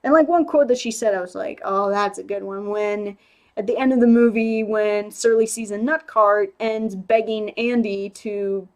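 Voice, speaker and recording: A young woman giving a casual spoken movie review, chatty and animated, with lots of "like"s and restarts. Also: medium pitch, moderate pace.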